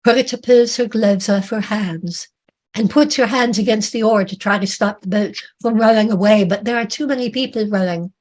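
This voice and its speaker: A woman author reading her own fiction aloud in a measured, dramatic way. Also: medium pitch, darkish tone.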